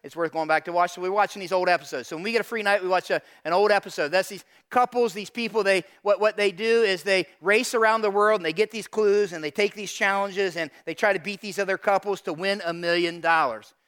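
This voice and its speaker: High-voiced man preaching a sermon. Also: quick pace, few pauses, smooth. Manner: animated storytelling, addresses audience directly. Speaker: pastor.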